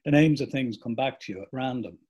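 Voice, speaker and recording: A man reading aloud as a middle-aged father reflecting on lost memory, in a slow, reflective way. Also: medium pitch, a little mellow, breathy edge, lightly acted. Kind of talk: reading a book passage aloud.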